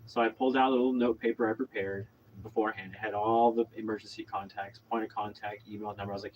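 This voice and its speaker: A man's voice: lowish voice, steady tone, fast, hardly any pauses, darkish tone, lo-fi sound, slight background noise. A man from Oklahoma telling a long story in a casual monologue, rambling with lots of fillers and restarts. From Oklahoma, USA. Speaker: vlogger.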